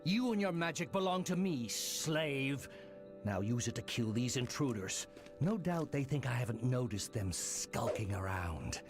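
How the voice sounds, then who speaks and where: Domineering drow slaver, lively pitch, cold and commanding, music underneath. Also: male voice, unhurried. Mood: menacing. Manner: domineering, interrogating. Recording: game audio with loud music behind.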